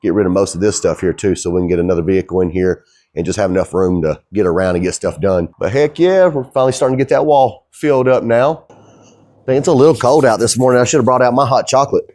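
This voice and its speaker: Rambling folksily while he works, the middle-aged owner of a fabrication shop chats in an easygoing manner. He talks fast with a fairly low, slightly mellow voice, and the recording is dry and studio quality.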